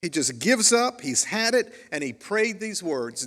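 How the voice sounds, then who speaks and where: A male pastor delivers his sermon with earnest, storytelling warmth, pausing to read quotations aloud. His voice sits a little high for a man. A long church reverb trails after every phrase. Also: big pitch swings. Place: church sanctuary.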